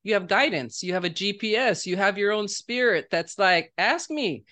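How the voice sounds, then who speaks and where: A woman's voice: mid-range voice, normal speed, a bit bright. A woman guest on a podcast, speaking earnestly and reflectively in a casual conversation.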